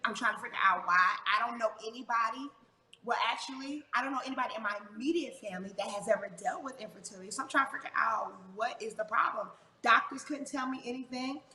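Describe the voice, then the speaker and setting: A woman with a high, bright, forceful voice tells her story with animated emphasis. She talks as a guest on a faith talk show. Her voice rings out in a room with long, echoing reverb. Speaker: guest, worship leader. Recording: echoey room with long reverb, faint noise.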